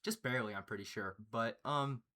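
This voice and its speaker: A young man telling a story in casual chat, excitable and profane, often breaking into laughter. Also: medium pitch, fairly quick. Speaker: storyteller, channel host.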